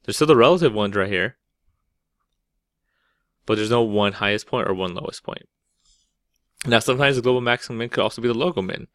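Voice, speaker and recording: A man's voice: medium pitch, fairly quick, pauses often, no echo, clean studio sound. A man teaching calculus in a casual, conversational way, often checking in with "right?" and restarting words mid-thought. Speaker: math teacher. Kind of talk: explaining calculus over a whiteboard.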